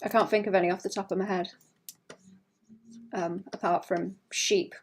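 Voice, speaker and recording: A woman's voice: medium pitch, steady tone, moderate pace, slight background noise. Chatty woman musing aloud on stream. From Wales. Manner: chatty, musing aloud with many restarts and fillers. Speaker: artist streaming while drawing. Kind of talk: casual livestream chat.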